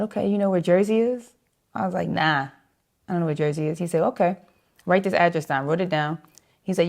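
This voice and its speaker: A woman with a lowish voice, telling her stories with a lot of energy. She laughs easily and jumps up high when she acts out what other people said. She is a young saxophonist talking to an interviewer. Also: darkish tone. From New York. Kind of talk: animated storytelling with acted-out quotes.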